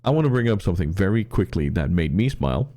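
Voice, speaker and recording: A man co-hosting a podcast who tells stories in a casual, animated way and often restarts his sentences. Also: sits low, quick pace. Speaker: podcast co-host.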